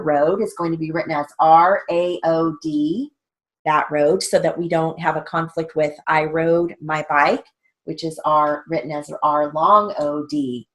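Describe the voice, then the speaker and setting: A woman teaching a stenography theory lesson, dictating drill sentences carefully and spelling out strokes letter by letter. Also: low voice. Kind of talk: instructional lesson.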